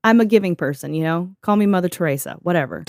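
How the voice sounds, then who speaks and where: A woman's voice: lowish voice, lively intonation, fast, dry recording, clean studio sound. A young woman co-hosting a podcast in a casual, joking way, reading from notes and laughing often. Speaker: podcast co-host.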